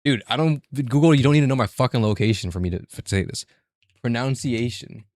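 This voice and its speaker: A man's voice: mid-range voice, expressive, quick pace, a little mellow, no echo, studio quality. A man streaming live, reading a game story and chatting casually with his viewers, joking and swearing as he repeats words aloud.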